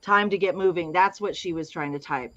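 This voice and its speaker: A woman's voice: on the low side, fairly quick, highs cut off, over a noisy crowd. A woman co-hosting a casual chat, bubbly and chatty, with frequent giggles. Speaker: co-host.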